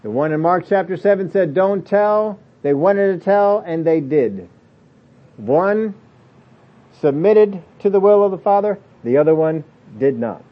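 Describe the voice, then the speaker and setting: A man's voice: on the high side, expressive, measured pace. A man preaching a sermon in a plain-spoken way, acting out the excuses people make in different voices. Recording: dull lo-fi audio recording.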